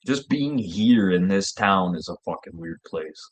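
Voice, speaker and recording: A man's voice: sits low, animated, measured pace. A man hosting his own show, rambling and joking with heavy swearing. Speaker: show host. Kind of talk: casual rambling monologue.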